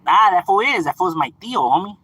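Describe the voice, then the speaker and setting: A bright, bouncy man's voice, swinging high and low as he chats casually on a livestream. His tone is husky and close to the mic. He is full of slang, slips into Spanish, and laughs easily. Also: lively intonation, fast, no room sound. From Los Angeles, California. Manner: slangy, laughs often, switches into Spanish words. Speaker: livestream host reading chat.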